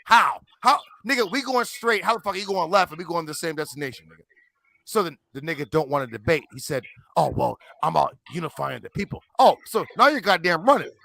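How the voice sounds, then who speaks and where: A man in his forties argues hard on a livestream panel, boasting and cursing. His voice sits high and has a sharp, bright edge with some gravel in it. The sound is dry and close. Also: lively intonation, fast talker, no room sound. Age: 40s. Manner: emphatic, profane, combative boasting. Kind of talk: heated livestream chat.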